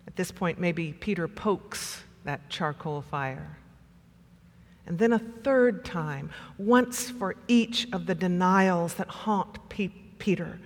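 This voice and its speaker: A pastor preaching a sermon with measured delivery and dramatic pauses. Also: medium pitch, lively intonation, big-room sound.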